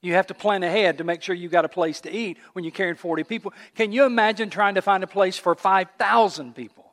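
A male pastor preaching a sermon with animated storytelling. He asks the congregation rhetorical questions. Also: sits high, quick pace, in a large hall.

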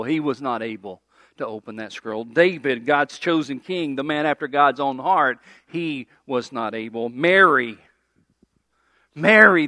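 A man preaching a sermon, building to loud emphatic declarations and dropping to quiet asides, putting questions to the congregation. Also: on the high side, no room sound.

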